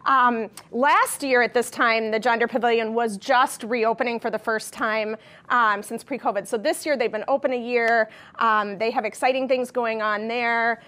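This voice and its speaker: A woman's voice: a little high, steady tone, pushed and bright. A woman, a shop co-owner, talking friendly with frequent "um" and "uh" in a TV interview. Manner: friendly, fillers and quick asides.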